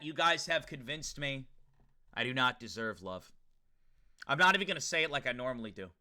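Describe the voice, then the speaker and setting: Bright-voiced young male streamer. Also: medium pitch. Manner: loose, profane, joking chatter. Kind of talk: casual livestream chat to viewers.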